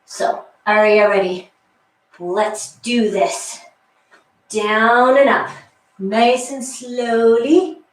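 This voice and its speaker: A woman's voice: fairly high pitch, fairly even intonation, extremely slow, pauses often. A woman leading a guided workout class, counting reps with chatty asides and slightly out of breath. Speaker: fitness instructor. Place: exercise room with a wall. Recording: echoey room, mic far off.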